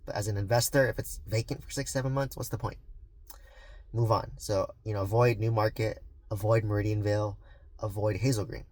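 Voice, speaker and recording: A man's voice: fairly low pitch, fairly even intonation, a little fast, a little mellow. A man vlogging about real estate investing, talking earnestly and rambling with many fillers and restarts. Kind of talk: casual vlog talk to camera.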